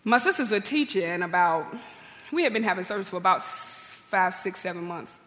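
Woman pastor preaching with long hall reverb. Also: moderate pace. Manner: lively, humorous storytelling with big pitch swings. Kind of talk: storytelling sermon.

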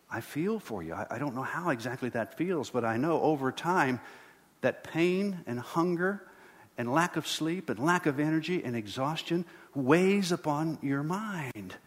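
A middle-aged man preaching a sermon as pastor, earnest and building to emphatic repeated lines. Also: mid-range voice. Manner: earnest, rising to emphatic repetition. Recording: long hall reverb.

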